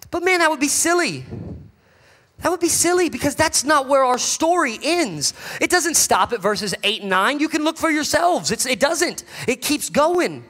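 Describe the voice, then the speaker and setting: A man preaches from the stage in a high, bright, ringing voice. He builds to shouts, then drops low and quiet. The room carries a long reverb. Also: big pitch swings, unhurried, long pauses. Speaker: pastor. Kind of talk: sermon. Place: church sanctuary.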